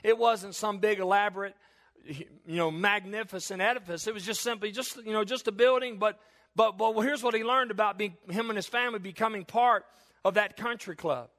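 A male pastor giving a sermon in church, reading scripture slowly and emphatically, then praying in a hushed voice. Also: high-pitched.

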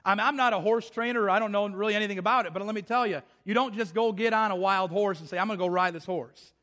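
A man's voice: sits high, fast talker, bright, forceful tone. A man preaching a sermon with passion, repeating phrases and restarting his sentences. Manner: impassioned, repetitive, with frequent restarts.

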